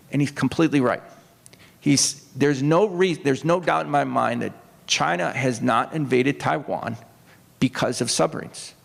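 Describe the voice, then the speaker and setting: A man's voice: medium pitch, normal speed, creaky. A man who is a retired Navy officer and author, telling rambling anecdotes to an audience on a stage, with restarts and quoted voices. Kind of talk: storytelling talk to an audience. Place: opera house stage. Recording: long hall reverb.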